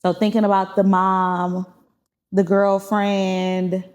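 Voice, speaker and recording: A woman's voice: mid-range voice, little pitch movement, slow, a little mellow, clean tone. Laughing podcast host, casual woman. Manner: encouraging, laughs often, wraps up with a sign-off. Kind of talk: casual conversation.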